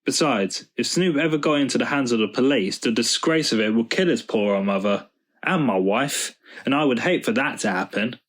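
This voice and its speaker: A man's voice: mid-range voice, animated, moderate pace, close to an everyday voice. A man voicing a stern, respectable middle-aged man in a storybook, grim and firm.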